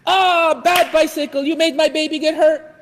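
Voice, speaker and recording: A man doing a high, wailing mother who frets over her child and fusses about everything, sliding up above his own pitch. Her melodramatic voice echoes with a long ring of hall reverb. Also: steady tone, moderate pace, a bit bright, a little hiss or hum. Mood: doting.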